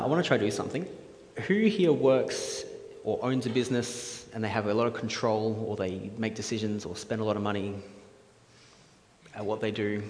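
A man preaching a casual sermon in a church hall, chatty and jokey, quizzing the audience with questions. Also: fairly low pitch. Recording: echoey hall with faint ambience.

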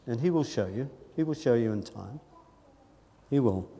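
An earnest man preaching in a church. His delivery is conversational, with quiet asides and emphatic rises. His voice rings with a long reverb from the hall. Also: mid-range voice, animated, moderate pace, husky. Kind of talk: sermon.

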